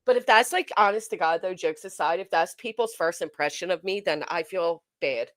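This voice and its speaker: A woman hosting a casual livestream, chatting to viewers in an animated, emphatic way with a forceful edge. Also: fairly low pitch, brisk, no room sound, studio quality. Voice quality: tends to sound forceful, described as angry. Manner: animated, emphatic, talks straight to chat. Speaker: livestream host.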